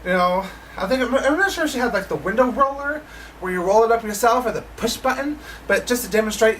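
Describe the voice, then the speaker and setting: A woman vlogger telling a story in a casual, animated way, acting out the people she quotes and swearing now and then. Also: a little high, quick pace, recorded from a distance, a little hiss or hum, poor audio. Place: living in Las Vegas.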